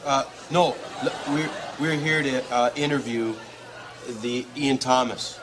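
An actor playing a dim-witted Canadian hoser brother who hosts a TV show, talking haltingly with lots of "like" and "eh". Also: male voice, mid-range voice, steady tone, crowd noise, noisy background, natural voice. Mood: nervous. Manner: halting, sprinkles "like" and "eh". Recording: archive TV clip with loud audience.

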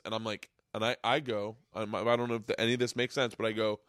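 Excitable swearing man telling a story. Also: mid-range voice, rapid-fire, hardly any pauses, dry recording, clean studio sound. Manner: excitable, swears a lot, acts out voices in stories. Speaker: podcast host. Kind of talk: casual chat, animated storytelling. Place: home man cave studio.

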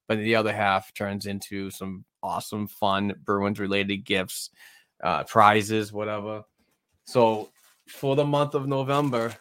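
Low-voiced laid-back podcast host. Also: male voice, a bit bright, a little hiss or hum. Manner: laid-back, rambling sign-offs. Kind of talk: casual chat.

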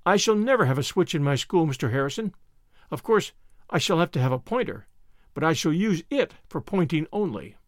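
Man voicing an earnest young woman teacher, high-minded, lifted pitch, storybook reading. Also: very animated, brisk, no echo, clean studio sound. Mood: indignant.

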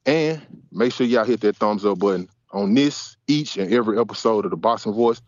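A man's voice: mid-range voice, no room sound. Man, swaggering slang, podcast host, dry dull sound. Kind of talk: casual podcast sign-off.

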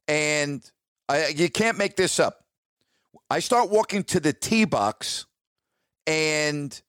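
A radio show host with a higher-pitched voice tells a story casually, chatty and emphatic, repeatedly asking listeners "all right?" The studio-quality recording has no room sound.

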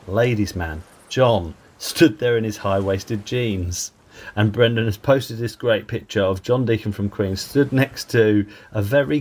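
A man, co-hosting a podcast, easygoing and casual while reading listener messages. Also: on the low side. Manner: easygoing, laughing agreement. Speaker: podcast co-host. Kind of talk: casual chat.

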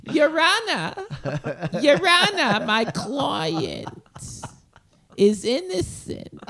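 A man voicing a brash female lawyer with a thick New York accent, shrill and exaggerated. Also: very animated, drawn-out words, creaky, pushed and bright, full character voice. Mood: courtroom pleading.

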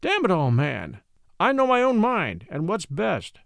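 A man's voice: high voice, very animated, moderate pace, no echo, studio quality. A man voicing a proud, irritable master who snaps back defensively. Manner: terse, defensive, snapping. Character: proud, irritable male master of wolf-dog.

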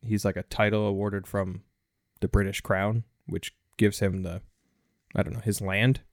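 Male podcast host, lower register, dry booth sound, relaxed plot recapper. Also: a little slow, no echo. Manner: relaxed, summarizing the plot with light jokes. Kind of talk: casual film discussion podcast.

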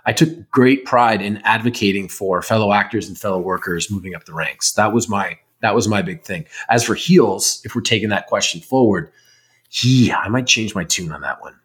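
A man's voice: lowish voice, moderate pace, a bit bright. A man in casual chat answering fan questions, rambling and candid, swearing now and then. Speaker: podcast host, actor.

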